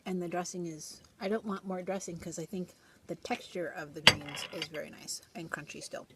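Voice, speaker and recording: A woman's voice: on the low side, fairly even intonation, moderate pace. A woman co-hosting a casual food chat at home, playful and chatty. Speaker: co-host food critic. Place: home dining table. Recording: clear background noise.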